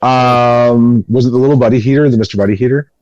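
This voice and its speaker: A Canadian man speaking as a podcast panelist, quick, offhand and a little scattered. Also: medium pitch, steady tone, darkish tone, dry recording, lo-fi sound. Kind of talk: casual podcast chat.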